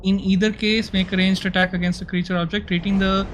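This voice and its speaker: A man playing in a tabletop game, chatting casually with quick, excitable reactions. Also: sits high, slight background noise. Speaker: player.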